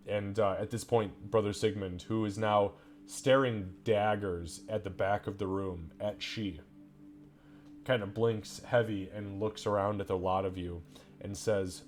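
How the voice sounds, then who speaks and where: A man's voice: lowish voice, fairly even intonation, unhurried, faint music behind. A man narrating a tabletop game as game master, casual and swearing.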